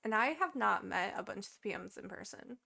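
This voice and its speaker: A young woman, co-hosting a podcast and telling a story in casual chat, animated and swearing as she acts out quotes. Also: medium pitch, a little fast, vocal fry. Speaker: podcast co-host.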